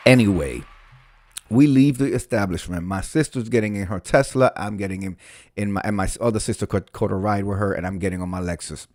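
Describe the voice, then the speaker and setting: A man's voice: fairly low pitch, brisk, a little mellow, no room sound, studio quality. A middle-aged man hosting a live stream, telling a long story in a theatrical way and swearing freely. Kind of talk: storytelling monologue.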